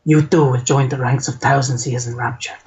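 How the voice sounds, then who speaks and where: A man's voice: medium pitch, steady tone, a little fast, a little mellow, a little hiss or hum, lightly acted. A man putting on a suave Spanish-accented announcer voice, reading in a hammy, dramatic way, on a dull lo-fi recording.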